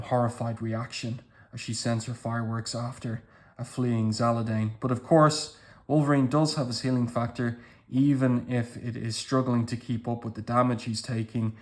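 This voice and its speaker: A man giving casual commentary as he walks through comic book pages panel by panel, with appreciative remarks. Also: medium pitch.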